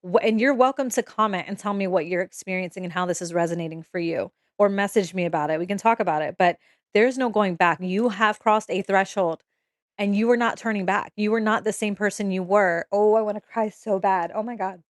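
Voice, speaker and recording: A woman's voice: medium pitch, a little fast, no echo, clean studio sound. A young woman giving a casual, emotional tarot reading to camera, swearing freely and checking in with "okay?" as she goes. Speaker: tarot reader.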